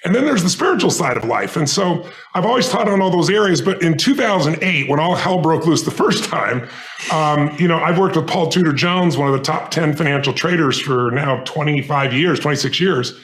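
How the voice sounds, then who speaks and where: A man's voice: fairly high pitch, expressive, fairly quick, fairly bright tone, breathy edge. A middle-aged man, a guest in an interview, telling stories earnestly and intensely and choking up with emotion. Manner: earnest, intense, gets choked up. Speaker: guest speaker.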